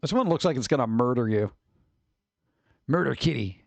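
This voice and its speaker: A man's voice: mid-range voice, sing-song, normal speed, vocal fry, pauses often, no room sound, muffled recording. A male streamer in casual, rambling chat, reacting wryly to pictures and to his chat, with a slightly scratchy voice at times.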